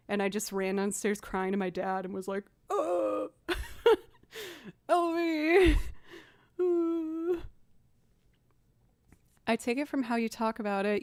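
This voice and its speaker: A woman's voice: medium pitch, darkish tone, smooth, no room sound, studio quality. A woman streamer chatting casually on a livestream, telling stories with frequent laughs. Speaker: streamer and musician. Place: home streaming setup.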